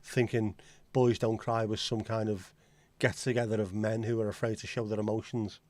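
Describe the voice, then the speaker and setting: Hosting a casual livestream chat, a Liverpool-accented man jokes, swears freely, and greets viewers by name. His voice is fairly low and darkish, with a level tone and normal speed. The recording is dry.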